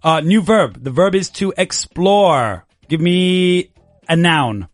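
A man's voice: sits high, expressive, takes it slowly, no echo. A man teaching English vocabulary in a casual, playful lesson, encouraging his student and laughing often.

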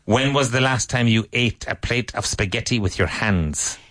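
A male English teacher leads a conversation class. He fires off drill questions, corrects students patiently and praises each right answer, in a voice of ordinary middle pitch. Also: moderate pace, fairly bright tone.

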